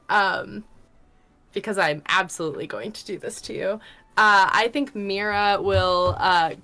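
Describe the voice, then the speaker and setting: A woman's voice: lowish voice, bright, forceful tone, clean tone. A woman playing a tabletop game, talking hesitantly with many fillers. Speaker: player. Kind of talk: tabletop role-play.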